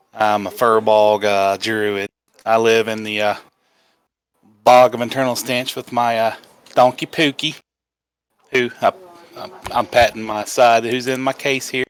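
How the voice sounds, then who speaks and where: A man introducing his character at a tabletop game, halting and full of fillers. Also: mid-range voice, fairly even intonation, clean tone, dry recording. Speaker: player.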